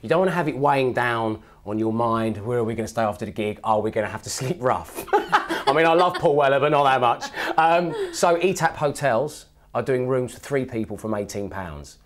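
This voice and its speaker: A man's voice: mid-range voice, lively intonation, a little fast, few pauses. A man, a music guest telling jokey, rambling stories in a TV studio chat. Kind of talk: casual TV chat.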